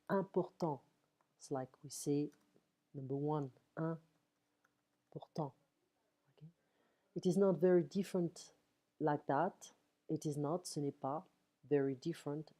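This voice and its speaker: A woman's voice: low voice, mellow. A woman teaching a French lesson online from home, saying phrases in English then French and checking in with "okay?" often. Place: home at night.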